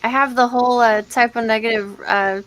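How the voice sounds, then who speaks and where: A woman in a casual online group chat, giggly and excitable, quick to apologize. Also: a little high, poor audio. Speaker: panelist.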